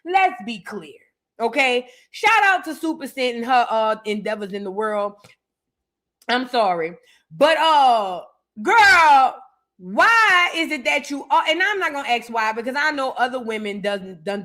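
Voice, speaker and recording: Bright-voiced, animated woman commentator. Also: on the high side, normal speed. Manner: animated, playful, dramatic, breaks into singing. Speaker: host of a reaction show. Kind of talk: casual commentary.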